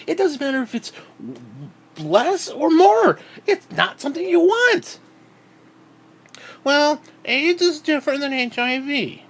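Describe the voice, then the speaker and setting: A man vlogging in a heated, sarcastic rant, swearing constantly. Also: very high voice. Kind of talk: profane ranting monologue.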